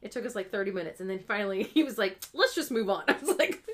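A woman's voice: medium pitch, quick pace, slight background noise. A young adult woman co-hosting a casual chat, telling stories, acting out quotes and laughing often. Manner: chatty storyteller, acts out quotes, laughs often. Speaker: podcast co-host.

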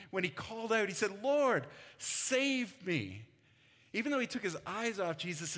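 A man's voice: on the high side, a bit bright. A man preaching a conversational sermon as pastor, laughing often between his points. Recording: long hall reverb.

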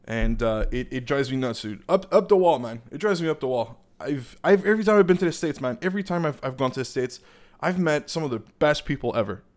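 A young man with a Canadian accent rants casually, swearing freely and wandering off on tangents. His pitch sits in the middle range, and he talks in a worked-up, conversational way. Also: lively intonation, brisk. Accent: Canadian English. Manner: profane, rambling, heated, digresses often. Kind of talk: casual political rant.

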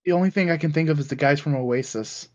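A man's voice: fairly high pitch, quick pace. A man co-hosting a casual podcast, blunt and sweary, who often restarts his words. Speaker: podcast co-host. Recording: dull lo-fi sound.

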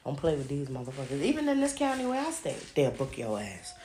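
A woman podcast host ranting casually to her listeners, loud and emphatic, swearing constantly and calling them y'all, talking into a phone as she walks around her house. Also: a bass voice, wildly swooping pitch, fast, a little hiss or hum. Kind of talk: casual profane rant to listeners. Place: at home, walking around the house.

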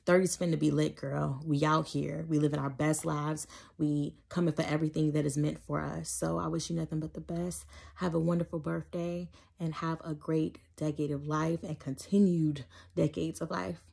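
A woman's voice: low-pitched, level tone, moderate pace, gravelly, darkish tone, husky. A woman recording an upbeat, encouraging birthday message for a friend, using casual slang.

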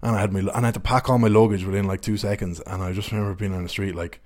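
Young bloke, lowish voice, swears freely, rambles through his stories. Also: fairly even intonation, very fast, a little mellow. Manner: candid, sweary, rambling anecdotes. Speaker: podcast host. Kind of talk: casual storytelling chat.

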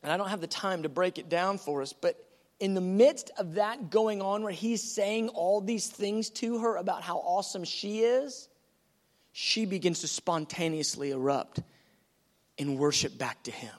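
A man preaching a teaching sermon in an animated, conversational way, acting out quotes as he goes. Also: high voice, unhurried.

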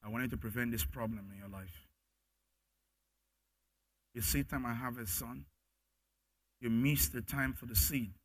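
A preacher doing God's hushed fatherly voice. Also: fairly even intonation, a little slow, long pauses, slightly rough, no room sound. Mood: tender. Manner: soft, low and hushed. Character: God as a gentle fatherly male voice.

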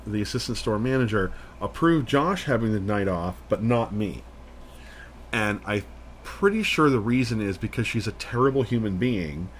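Low-voiced man telling a rambling story. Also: slight background noise. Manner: rambling, animated, full of "like" and acted-out quotes. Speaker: podcast co-host. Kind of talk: casual storytelling chat.

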